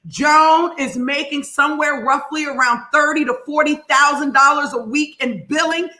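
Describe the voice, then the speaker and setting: A woman coach hosting a live call, exuberant and loud, cheering people on with shouts and laughter in casual speech. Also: sits high, animated, normal speed, few pauses, reverberant. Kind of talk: high-energy live call shout-outs.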